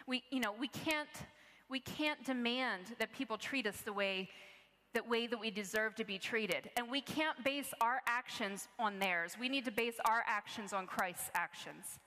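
A woman's voice: a little high, measured pace, pushed and bright, in a large hall. A woman preaching a sermon, telling a personal story in an earnest, conversational way with frequent restarts.

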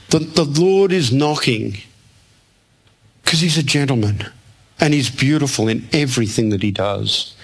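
A man's voice: on the high side, fairly bright tone. A man preaching a sermon to a room, telling a personal story and acting out the other people's lines. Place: church hall with audience.

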